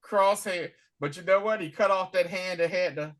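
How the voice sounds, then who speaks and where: A man's voice: high voice, normal speed, a bit bright. A man co-hosting a casual recap chat, retelling scenes with acted-out lines and laughter. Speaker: podcast co-host.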